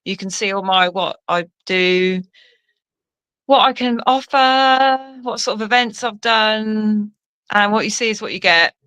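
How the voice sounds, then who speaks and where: Woman, London accent, podcast guest, cheeky banter, bright forceful voice. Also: medium pitch, clear, resonant tone, dry recording. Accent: London English. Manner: cheeky, laughing, quick banter. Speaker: dancer and fitness coach guest. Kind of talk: casual interview chat.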